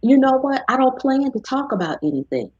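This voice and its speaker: A woman hosting a live cooking stream, talking in a chatty, easygoing way and slipping into animated voices when she quotes people. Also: high voice, brisk, crowd noise. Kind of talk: casual chat. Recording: dull lo-fi stream audio.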